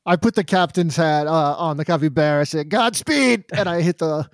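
A man's voice: a little high, little pitch movement, fairly quick, dry recording, studio quality. A man casually talking as a player in a tabletop game, a bit hesitant. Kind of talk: casual play chat.

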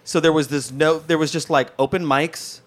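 A man from New Mexico, a guest comedian, chatting casually on a podcast and telling rambling, animated stories. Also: on the high side, normal speed.

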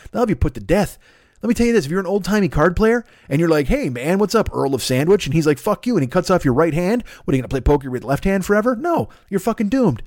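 Male comedian, quick-fire delivery, slightly high voice, profane rambling monologue. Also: no room sound, studio quality. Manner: profane, excitable, absurdist. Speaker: comedian podcast host. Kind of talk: rambling improvised comic monologue.

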